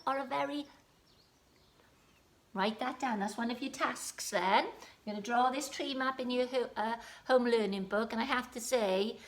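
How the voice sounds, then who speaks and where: A woman with a Welsh accent, a primary school teacher giving a home-learning phonics lesson, sounding out letters slowly and encouragingly. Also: high-pitched, fairly bright tone.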